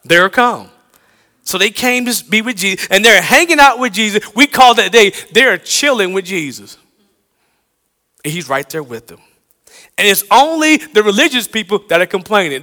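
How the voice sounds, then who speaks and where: A man from the American South preaching a sermon, swinging between loud emphatic lines and hushed low ones. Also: big-room sound.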